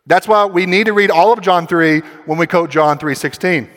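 Emphatic preacher in an echoing hall. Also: male voice, high-pitched, normal speed, hardly any pauses. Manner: emphatic preaching with rhetorical questions, building to loud passages. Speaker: pastor. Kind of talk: sermon. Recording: long hall reverb.

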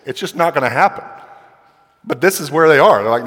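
A man's voice: a little high, animated, fast talker, a bit bright. A male pastor preaching a sermon in a conversational way, acting out quoted voices as he goes. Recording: long hall reverb.

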